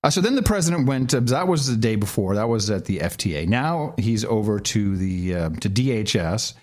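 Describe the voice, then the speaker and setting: A middle-aged man co-hosting a political podcast, mocking clips with sarcastic, animated remarks. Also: lowish voice, fairly quick. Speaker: podcast co-host. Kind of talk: casual political commentary.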